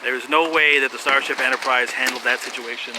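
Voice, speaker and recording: A man's voice: medium pitch, steady tone, fast, heavy background noise. A man rambling through a casual monologue, laughing often, swearing, and trailing off into fillers and restarts.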